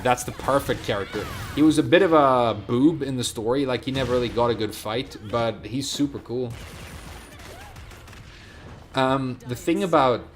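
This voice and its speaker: Chatty man over faint music. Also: mid-range voice. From Sweden. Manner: rambling, chatty, answers chat. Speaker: game streamer. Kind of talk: casual stream chat.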